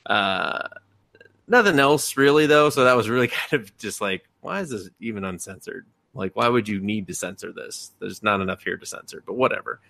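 A man's voice: fairly low pitch, animated, normal speed, gravelly, pushed and bright, no room sound. Rambling, swearing podcast guy. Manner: rambling, filler-heavy and profane. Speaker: podcast host. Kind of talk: casual chat.

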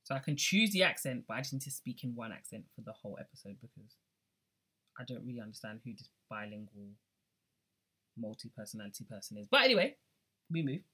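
A woman with a low, husky voice talking through her favourite songs on her podcast. She is chatty and loose, slipping from one accent to another as she goes. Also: fast, fairly bright tone. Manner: chatty, drifts between accents. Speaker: podcast host. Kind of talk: casual music chat.

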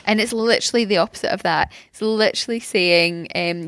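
A woman's voice: medium pitch, fairly even intonation, normal speed, few pauses, a bit bright, no room sound. Scottish woman co-host, sarcastic and giggly, dead-dry close recording. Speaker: podcast co-host. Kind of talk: casual recap chat.

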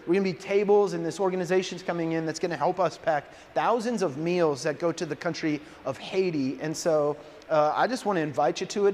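A man in his thirties preaching as a pastor, telling a story in a lively, self-deprecating way. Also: a little high, a little hiss or hum. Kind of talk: sermon with storytelling. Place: large church hall. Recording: reverberant hall, faint ambience.

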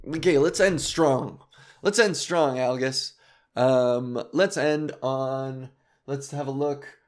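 A man's voice: mid-range voice, takes it slowly. Solo comedy podcast host, man in his 30s, confessional and self-mocking, stumbling through restarts, still raw from crying. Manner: self-deprecating, rambling, with frequent restarts. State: emotional, recently cried.

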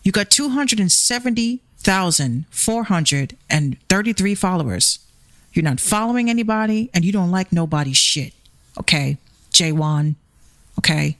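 A woman's voice: fairly low pitch, lively intonation, normal speed, fairly bright tone, no room sound. A woman with a Bronx accent hosting her show, ranting with heated, profane, confrontational energy. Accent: Bronx New York. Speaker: show host. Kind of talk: ranting commentary vlog.

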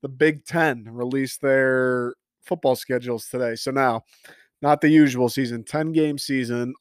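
A man's voice: a little high, dry recording, studio quality. A young man hosting a solo podcast, ranting in a profane, exasperated way. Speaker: podcast host. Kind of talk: casual solo podcast rant.

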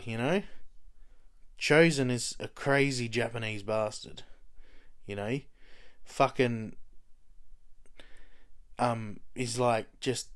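A man casually recapping a TV show, rambling and swearing, full of fillers like "you know" and "like.". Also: mid-range voice. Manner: profane, rambling, heavy on fillers. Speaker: TV show fan recapping episodes.

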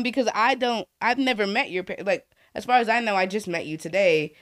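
On a podcast, a young woman who co-hosts and works as school staff swaps stories from her job in a casual chat, swearing freely and acting out the kids' voices. Her voice is mid-range and brisk.

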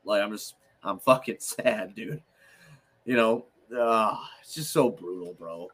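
Bright-voiced man venting profanely. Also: on the low side, a little slow, breathy edge. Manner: profane, self-deprecating, animated venting. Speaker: sports podcast host. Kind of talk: casual sports chat.

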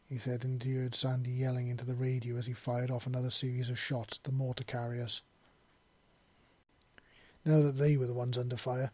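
Mellow-voiced man reading a war story. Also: mid-range voice, no room sound. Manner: acts out dialogue, shouting in grief scenes. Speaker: narrator.

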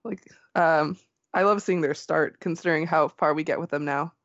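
A woman cohosting a podcast, casually recapping a manga chapter with fillers and soft laughs. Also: low voice, normal speed, dry recording, lo-fi sound. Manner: relaxed storytelling with fillers and gentle laughs.

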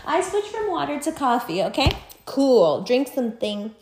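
A woman's voice: sits high, normal speed, slight background noise. Profane, ranting woman in an echoey room. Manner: profane, animated, mocking impressions. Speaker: podcast host. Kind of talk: casual ranting commentary.

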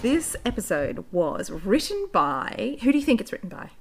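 A woman co-hosting a casual rewatch podcast, animated and swearing freely as she reads synopses aloud. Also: on the high side, normal speed, faint music behind. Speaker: podcast co-host. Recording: faint background noise.

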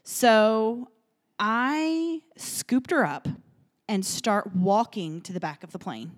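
Female podcast co-host, casual storyteller, emotional and animated, chatty with fillers, recorded at a home kitchen table. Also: a little high, slow.

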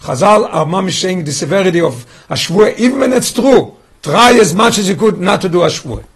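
Man, teacher, Torah study class, high-pitched, husky, restarts phrases, quizzes his students. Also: animated, a little fast.

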